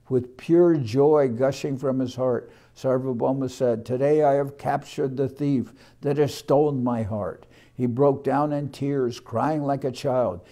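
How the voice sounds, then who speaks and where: In an ashram classroom, a male monk with a mellow, mid-range voice leads a morning class. He reads scripture aloud at a measured pace, repeating phrases and offering brief explanations.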